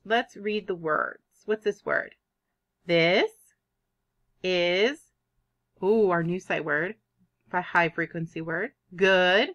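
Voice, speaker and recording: Kindergarten teacher lady talking slow and bouncy, sounding words out, kinda dull lo-fi audio. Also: lowish voice. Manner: animated, drawn-out teacher talk, sounding out words. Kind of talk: online phonics lesson for young children.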